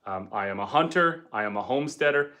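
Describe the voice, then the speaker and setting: A man's voice: medium pitch, lively intonation, fast, sharp tone. A man hosting a homestead livestream from home by the fire, chatting easygoingly and reading out viewer comments. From Canada. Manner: easygoing, chatty, with frequent ums and uhs. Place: indoors at home by a wood stove fire.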